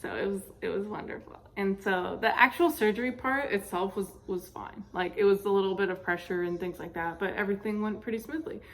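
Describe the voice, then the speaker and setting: A woman's voice: mid-range voice, fairly quick. Chatty young woman telling a story. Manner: chatty, many fillers, laughs while telling. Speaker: vlogger. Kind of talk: casual storytime.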